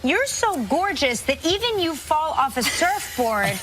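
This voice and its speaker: A woman's voice: sits high, big pitch swings, unhurried, a bit bright, a little hiss or hum. A woman hosting a talk show, gushing effusively over her guest.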